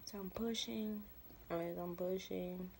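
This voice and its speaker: A young woman, a new mother, telling a casual storytime vlog in a chatty, expressive, colloquial way. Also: on the low side, unhurried, slight background noise.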